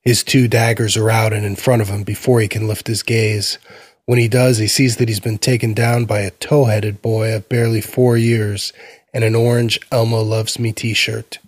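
A man narrating a fantasy short story in a measured reading voice. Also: fairly low pitch, level tone, no room sound. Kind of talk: scripted fiction reading.

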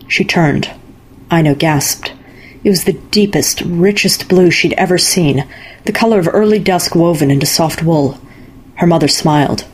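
A woman reading a fairy-tale story aloud in calm, measured narration. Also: on the low side, slightly rough. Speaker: story reader. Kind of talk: scripted narration.

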